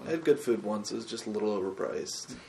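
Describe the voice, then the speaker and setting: A man's voice: fairly low pitch, lively intonation, fast, gravelly, dark tone, slight background noise. A man co-hosting a casual gaming podcast, telling stories in an easygoing way. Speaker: podcast co-host.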